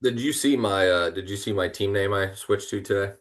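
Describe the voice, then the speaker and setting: A man's voice: fairly low pitch, fairly quick. A man co-hosting a sports podcast, chiming in with short, laid-back remarks in casual chat. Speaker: podcast co-host.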